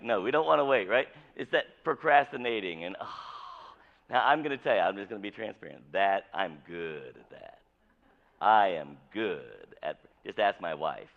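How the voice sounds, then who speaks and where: A man's voice: lowish voice, lively intonation, moderate pace, vocal fry, dull audio. A male pastor preaching a sermon in a conversational, jokey way, with many restarts.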